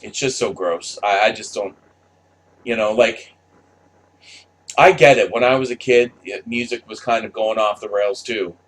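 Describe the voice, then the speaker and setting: A man's voice: lowish voice, measured pace, long pauses. A man delivering an unscripted, blunt monologue with lots of swearing and restarts. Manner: blunt, profane, rambling with restarts. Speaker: commentator.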